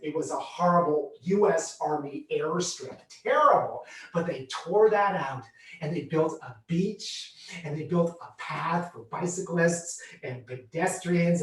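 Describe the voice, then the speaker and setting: A man performing a comic autobiographical monologue on a theatre stage, animated and exclamatory. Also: a little high. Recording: echoey theatre, distant mic.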